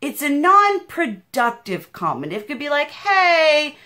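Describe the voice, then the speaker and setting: Loud, bright-voiced young woman vlogging. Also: sits high, takes it slowly. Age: young adult. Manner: loud, passionate and emphatic; animated and chatty. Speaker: beauty vlogger. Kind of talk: casual vlog chat.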